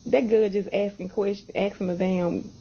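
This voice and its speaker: A woman's voice: medium pitch, fairly even intonation, normal speed, creaky, warm tone, slightly rough. A woman scolding in a casual video rant, exasperated and blunt. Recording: dull lo-fi audio.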